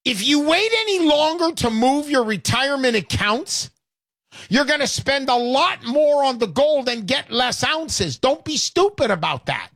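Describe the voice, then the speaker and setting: A male radio show host giving an emphatic, repetitive, hard-selling pitch between calls. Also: animated, measured pace, fairly bright tone, no room sound, clean studio sound. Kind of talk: talk radio sales pitch.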